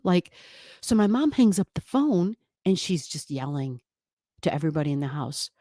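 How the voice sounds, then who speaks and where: A woman's voice: low voice, moderate pace, warm tone, no room sound, studio quality. A woman hosting a casual livestream from home, rambling with many restarts and reading viewer comments aloud. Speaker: livestream host. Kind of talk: casual live-stream chat. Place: home room.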